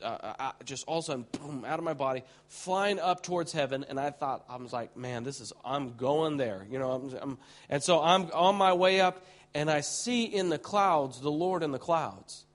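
Excitable preacher man with a higher voice. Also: moderate pace. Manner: excitable, many restarts, swings from hushed to shouting. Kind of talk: sermon with vivid storytelling.

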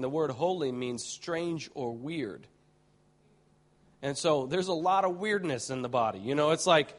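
A fairly high-pitched man preaches a sermon built around a vivid vision story. The delivery is excitable and riddled with restarts, alternating between hushed moments and shouts.

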